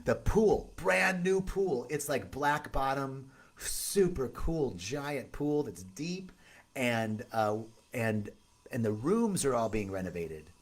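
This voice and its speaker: A man's voice: medium pitch, sing-song, takes it slowly. A man hosting a loose, upbeat live stream, greeting viewers by name as he talks. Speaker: retreat host. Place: outdoor retreat in tropical setting.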